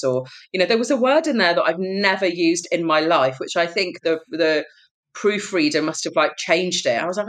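A woman's voice: fairly low pitch, moderate pace. A woman, a guest author, telling stories in casual chat and acting out quotes with laughs. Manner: animated storytelling, laughs, acts out quotes.

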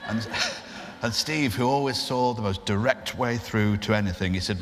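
A man, a guest impressionist, telling an animated anecdote on a festival stage in front of an audience. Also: lowish voice, moderate pace. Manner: animated storyteller, restarts. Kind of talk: live podcast anecdote. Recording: live hall reverb with faint noise.

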